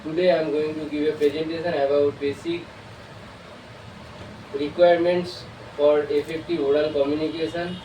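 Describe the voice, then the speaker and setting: A man's voice: a little high, level tone, moderate pace, dark tone. A man from India with an Indian accent, giving a hesitant prepared presentation as a student, full of filler sounds and restarts. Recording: echoey room, far from mic, faint hiss.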